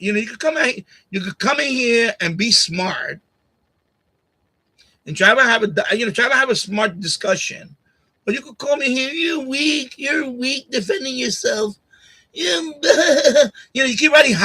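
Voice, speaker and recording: A man's voice: extremely high pitch, pushed and bright, husky. A middle-aged man hosting a live stream, talking casually and turning heated and repetitive as he confronts someone in the chat. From Puerto Rican family, grew up partly in Puerto Rico. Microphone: USB condenser mic on boom arm.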